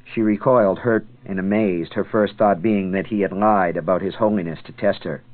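Low-voiced man narrating a dark tale. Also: a little fast, few pauses. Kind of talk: audiobook narration. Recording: tinny phone-like sound.

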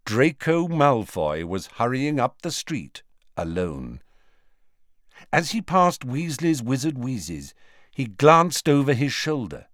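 A man narrating an audiobook with expressive storytelling on a close studio mic. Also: mid-range voice, slow, no room sound. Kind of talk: scripted narration.

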